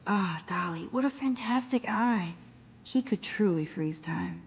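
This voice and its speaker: A woman voicing a shy, introspective young photography student in a video game, murmuring her thoughts quietly to herself. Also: mid-range voice, lively intonation, measured pace, highs cut off, a little hiss or hum. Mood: musing. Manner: quiet, self-mumbling inner monologue.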